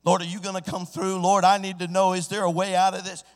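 High-voiced preacher, long church reverb. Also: male voice, completely flat delivery, fast talker. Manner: preaching with sudden swells into shouting. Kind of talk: sermon.

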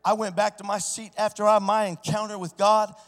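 A man preaching a sermon, swinging from hushed storytelling to loud, shouted exclamations. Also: sits high, flat delivery, fairly quick. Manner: preaching with sudden swells into shouting. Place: church. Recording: church sanctuary with long reverb.

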